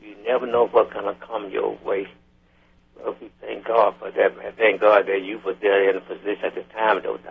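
A man's voice: on the low side, little pitch movement, moderate pace, gravelly, husky. A man co-hosting a morning radio show, affirming the pastor and repeating phrases in a casual, churchy way. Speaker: guest co-host. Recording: muffled lo-fi radio broadcast.

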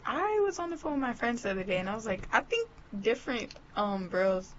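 A woman's voice: a little high, animated, quick pace. A young woman from New York, giggling and teasing in a casual chat as host. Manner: giggly, teasing, laughs often. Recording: slightly muffled with faint hiss.

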